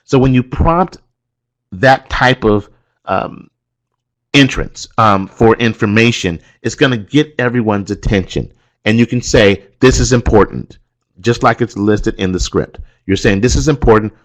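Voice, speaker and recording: A man's voice: fairly low pitch, measured pace. A man training instructors, walking them through a course module in an emphatic, coaching manner that repeats key points. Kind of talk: instructional walkthrough.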